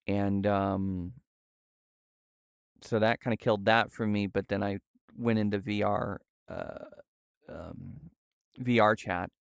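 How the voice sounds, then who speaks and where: A young man streaming live, speaking in a halting, soft-spoken way with many fillers. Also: lowish voice, steady tone, creaky, clear, resonant tone, dry recording, clean studio sound. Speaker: livestreamer. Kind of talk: casual livestream chat. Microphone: VR headset setup.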